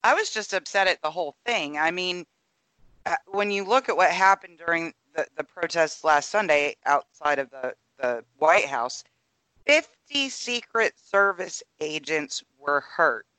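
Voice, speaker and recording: Measured woman co-host, crisp and dry. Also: on the low side, no room sound, low-quality recording. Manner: steady and measured, citing figures. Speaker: podcast co-host. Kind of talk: casual political chat.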